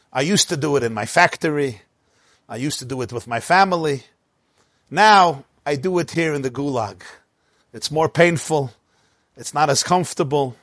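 A man telling a story in an animated way, mixing in Hebrew and Yiddish words as he speaks. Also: mid-range voice, no echo, clean studio sound. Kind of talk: storytelling talk.

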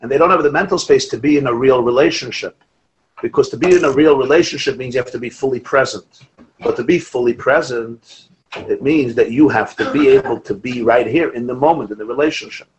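A man teaching a Torah class as a rabbi, lively, quoting Hebrew texts and telling stories. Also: mid-range voice, fairly quick, low-quality recording. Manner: animated, quotes Hebrew and Aramaic texts, asides and restarts.

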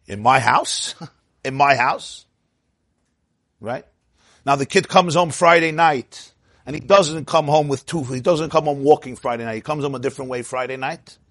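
Man, rabbi giving a Torah class; higher voice, dry close sound, animated and questioning. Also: normal speed, no room sound. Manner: animated, asks the audience "huh?" and acts out quotes.

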